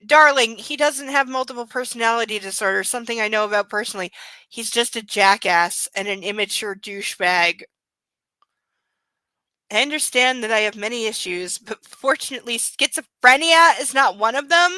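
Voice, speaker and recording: A woman's voice: fairly high pitch, moderate pace, sharp tone, no echo. A woman reading a novel aloud for her book club stream and breaking off into long, swear-filled commentary, peppered with "like" and "literally.". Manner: profane, swears constantly, rants.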